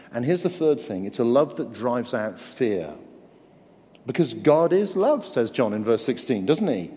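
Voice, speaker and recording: Heard through long hall reverb, a man from England with a mid-range, dark-toned voice preaches earnestly and conversationally. He mixes in humor at his own expense.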